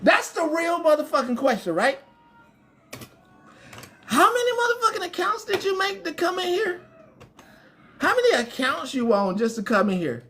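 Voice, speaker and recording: A woman's voice: extremely high pitch, very animated, moderate pace, long pauses, a bit bright, slight background noise. A woman hosting a livestream, ranting at her chat and trolls in a casual, profane way and laughing often. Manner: profane, laughing, talks straight back to trolls. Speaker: livestream host.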